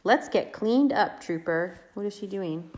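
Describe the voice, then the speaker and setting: A woman hosting a reading show for small children, reading a picture book aloud in a slow, playful, sing-song way and asking the children questions. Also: medium pitch, expressive, a little mellow, slight background noise.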